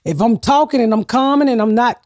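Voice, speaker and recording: A woman talks in a loud, excitable rush, cussing freely as she chats on a podcast. Her voice sits a little high, and the close mic gives a dry, dead sound. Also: brisk, no room sound. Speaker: comedian guest. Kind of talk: casual podcast chat.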